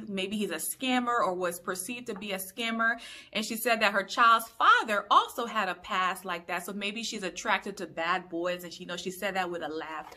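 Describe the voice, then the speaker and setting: A woman's voice: mid-range voice, bright, forceful tone. A young woman from Liberia chatting through a casual TV episode recap, full of opinionated asides. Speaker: YouTube reviewer.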